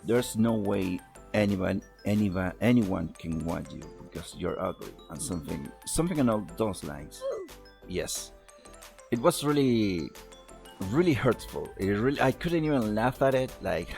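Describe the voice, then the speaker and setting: Rambling young man with a gravelly low voice. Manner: rambling, swears often, laughs at himself. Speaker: podcast host telling a story. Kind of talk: casual storytelling over a voice call.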